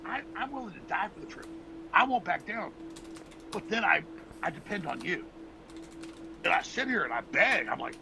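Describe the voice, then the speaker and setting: Man ranting and begging on air, rough gravelly voice, pushed up high, noisy feed. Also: big pitch swings, moderate pace, pauses often. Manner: intense, pleading, repetitive, swearing. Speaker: host. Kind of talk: impassioned ranting monologue.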